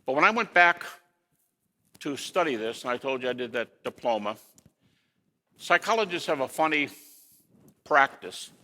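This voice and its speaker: A man giving a lecture to an audience in an animated way, with rhetorical questions and folksy asides. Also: medium pitch, normal speed, long pauses, big-room sound.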